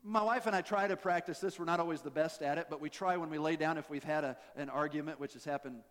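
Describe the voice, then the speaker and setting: Folksy high-voiced preacher in a reverberant hall. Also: male voice, fast. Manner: folksy, joking, with self-deprecating asides. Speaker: pastor. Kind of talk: sermon.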